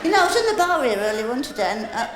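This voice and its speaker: A man's voice: very high voice, very animated, very fast, heavy background noise. A man doing live stand-up comedy, teasing audience members in a cheeky way. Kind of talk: live stand-up with crowd banter. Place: large theatre stage. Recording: echoey live theatre tape with loud crowd.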